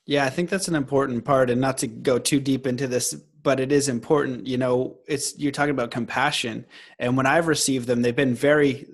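A man's voice: mid-range voice, fairly even intonation, fairly quick. A male podcast host talks in a loose, candid way. His speech is informal and he laughs easily between his points. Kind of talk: casual chat.

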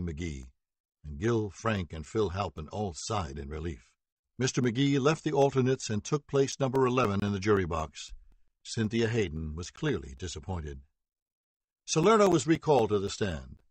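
A man reading a true-crime audiobook as narrator, steady and even, voicing quoted dialogue lightly. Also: lowish voice, husky, dry recording. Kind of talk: scripted narration.

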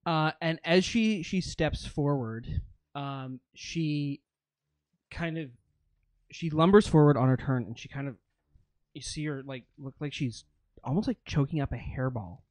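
A man running a tabletop game as game master, describing a monster's attacks in a relaxed, hesitant way. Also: a little high, a little slow, no echo.

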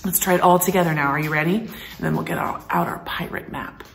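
A woman teaching a children's music and movement lesson at home. She talks in an animated, sing-song way and coaxes the children to join in. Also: fairly low pitch, fast talker, vocal fry, echoey room, recorded from a distance.

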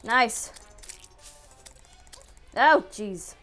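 A woman giving casual let's-play commentary, excitable, yelping at enemies and muttering to herself. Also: medium pitch, slow, long pauses, faint music behind. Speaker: gaming video creator.

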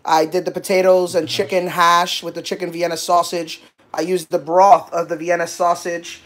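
A man hosting a live cooking stream from his home kitchen, talking excitedly and joking about himself. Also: sits high, normal speed. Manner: excitable, joking, self-deprecating. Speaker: cooking show host. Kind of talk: casual live-stream chat.

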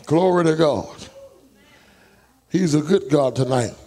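A man preaching a fervent sermon in church, rising into shouts and high whoops. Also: slow, a little hiss or hum. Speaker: pastor. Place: church sanctuary.

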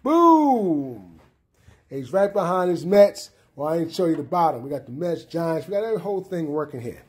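This home tour vlogger is a middle-aged man whose fairly high voice moves fast, with slight background noise behind him. He casually shows off his apartment from inside a room, tossing out "okay?" again and again in an easygoing way.

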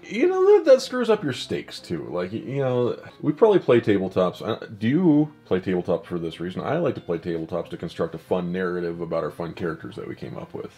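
A man's voice: low voice, big pitch swings, a little fast, hardly any pauses, warm tone. A man hosting a casual tabletop gaming chat, joking and often laughing. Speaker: show host and game master.

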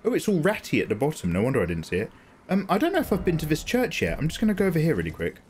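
A man streaming a game, talking to his viewers in a playful, joking way. His pitch leaps up and down a lot as he reacts. There is a faint noise under his voice. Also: huge pitch swings, very fast, darkish tone. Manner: joking, teasing, chats back to viewers. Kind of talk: live gameplay commentary.

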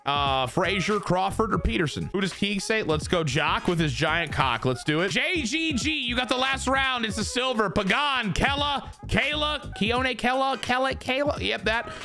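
A man's voice: moderate pace, few pauses, faint music behind. A man streamer giving casual, joking, profane commentary while playing a baseball video game. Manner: animated, joking and profane, pitch swinging widely. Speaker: gaming streamer.

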